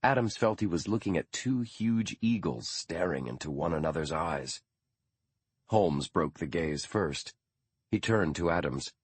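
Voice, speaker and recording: A man narrating an audiobook in a measured, even storytelling manner. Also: low-pitched, breathy edge, no room sound. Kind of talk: scripted narration.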